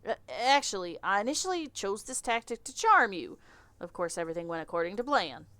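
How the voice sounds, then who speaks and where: A woman's voice: medium pitch, sing-song, a little fast, sharp tone, no echo. A woman voicing a nervous, awkward young male demon with hooves, speaking with a Southern accent and stammering. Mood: flustered. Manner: stammering, flustered.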